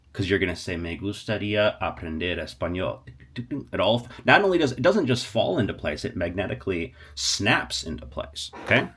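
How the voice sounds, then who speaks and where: Very deep-voiced man teaching Spanish. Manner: animated, talks to viewers, stops and restarts a lot. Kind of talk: casual language lesson.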